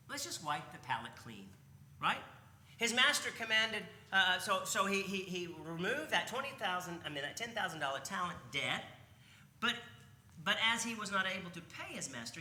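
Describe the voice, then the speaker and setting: A man's voice: fairly high pitch, reverberant, background noise. A man preaching a sermon in a conversational way, often asking his listeners rhetorical questions. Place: church sanctuary.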